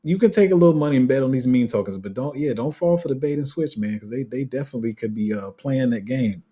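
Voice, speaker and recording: A man's voice: medium pitch, animated, quick pace, mellow, slightly rough. A man hosting a casual crypto livestream, rambling with many restarts and reading viewer comments aloud. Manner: rambling, restarts often, laughs at himself.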